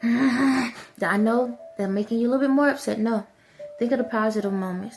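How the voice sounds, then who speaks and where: A woman's voice: on the high side, steady tone, fairly quick, a little mellow, a little hiss or hum. A woman vlogger giving an impassioned spiritual monologue, repeatedly soothing and urging an unseen listener.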